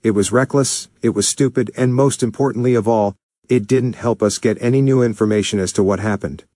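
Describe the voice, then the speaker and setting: A man's voice: on the low side, brisk, warm tone, no echo, clean studio sound, close to an everyday voice. A man voicing a stern older male scientist who scolds and lectures his protégé.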